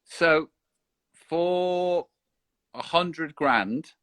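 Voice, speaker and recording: A man's voice: fairly high pitch, very slow, fairly bright tone, dry recording. A man, chatting casually on a live video stream, often stumbling and restarting his sentences. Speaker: guest. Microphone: online live video call.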